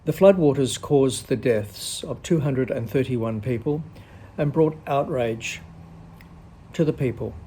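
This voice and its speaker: A man's voice: mid-range voice, a little slow, dark tone, a little hiss or hum. A man presenting a comic news update, reading steadily and now and then trailing off. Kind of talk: mock news bulletin.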